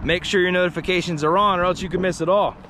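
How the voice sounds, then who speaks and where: A man vlogging to the camera while exploring outdoors, excitable and chatty, swearing freely. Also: high voice, fast, slight background noise. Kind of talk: walking vlog narration to the camera.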